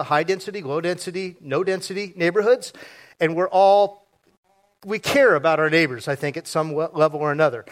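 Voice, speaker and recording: A man preaching a sermon to his congregation, joking and quizzing the audience as he goes. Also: high-pitched. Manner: joking, audience-engaging, fast and lively. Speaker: pastor. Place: church sanctuary before a congregation.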